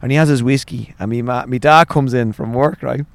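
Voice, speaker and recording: An Irish man in his forties tells family stories in a loose, swearing style and laughs through the punchlines. He keeps an ordinary mid-range pitch and often slips into quoting his father. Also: brisk, creaky, no room sound. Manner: swearing, laughing anecdotes with acted quotes. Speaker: guest, author. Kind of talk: casual storytelling interview.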